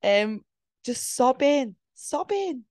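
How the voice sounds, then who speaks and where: A woman's voice: high voice, sing-song, takes it slowly, a little mellow, dry recording, clean studio sound. A young woman, co-hosting a podcast in casual chat, rambling with many fillers and laughing often. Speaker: podcast co-host.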